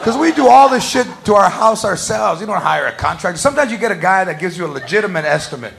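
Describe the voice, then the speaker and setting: A man's voice: sits high, lively intonation, fast talker, creaky, a bit bright. A man doing a profane, rowdy stand-up comedy set on a comedy club stage, recorded live in a noisy club. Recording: live club with crowd and noise.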